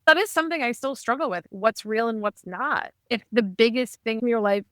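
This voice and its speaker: A woman guest on a podcast, telling a personal family story in an animated, conversational way. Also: fairly high pitch, a little fast, no room sound. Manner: animated, acts out quoted dialogue.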